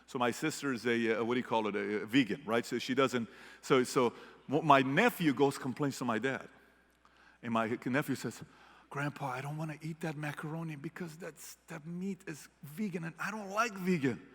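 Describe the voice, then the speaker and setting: Keynote speaker, male, Middle Eastern background, bright punchy voice, storyteller energy, reverberant hall. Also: medium pitch, normal speed. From Middle East. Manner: animated storyteller, shifts from hushed to shouting. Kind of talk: motivational keynote speech. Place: large hall with audience.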